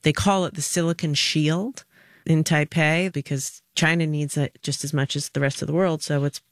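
A middle-aged woman answering interview questions in an emphatic, direct way, telling stories with lively energy. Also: deep voice, normal speed, no echo, studio quality. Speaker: former government official, guest.

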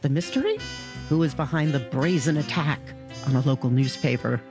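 A woman's voice: low voice, a little fast. A woman reading a scripted radio promo, teasing it with dramatic emphasis. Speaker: promo announcer. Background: music bed.

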